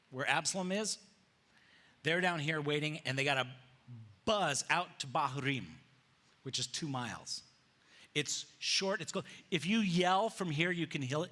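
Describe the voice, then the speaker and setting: Guy preaching in church, bright punchy voice, kinda high, acts out the bible story all casual like. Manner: animated storytelling, acting out biblical characters with casual slang. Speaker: pastor. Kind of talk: sermon. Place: church sanctuary with slides.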